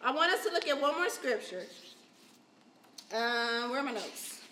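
Woman preacher, high bright voice, emotional testimony, recorded in a reverberant hall. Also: expressive, unhurried, slight background noise. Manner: emotional testimony, swells loud and high at key points. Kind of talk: sermon. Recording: echoey hall.

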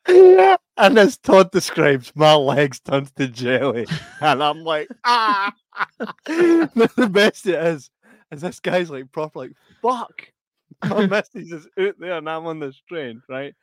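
A man's voice: on the high side, sing-song, a little slow, no echo. Man, laughing storyteller, casual chat host, dry sound. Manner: laughs heavily while telling anecdotes. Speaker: podcast co-host.

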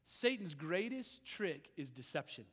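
A male pastor preaching in a conversational way, swinging from loud emphasis to hushed lines in a church sanctuary. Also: on the high side, big pitch swings, unhurried, slightly rough, in a large hall. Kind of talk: sermon.

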